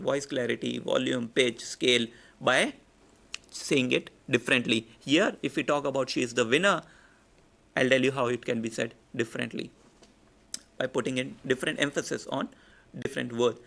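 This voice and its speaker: A man with an Indian English accent teaches public speaking in a lecture. His mid-pitched voice has a gravelly fry. He explains step by step and repeats sample sentences with changing stress. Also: a bit bright. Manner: explanatory, repeats example sentences with shifting emphasis.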